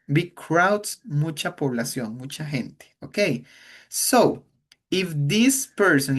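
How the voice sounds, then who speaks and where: Slow, patient teacher. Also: male voice, on the high side. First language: Spanish. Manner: slow, patient, repeats words to model pronunciation. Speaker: English teacher. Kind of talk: online English class.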